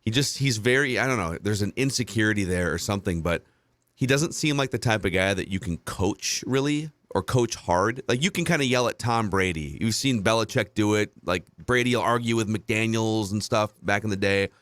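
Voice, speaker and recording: A man's voice: fairly low pitch, normal speed, fairly bright tone, no room sound. A man in his thirties hosting a sports podcast, musing in casual talk and hedging his points with many restarts. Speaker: podcast host.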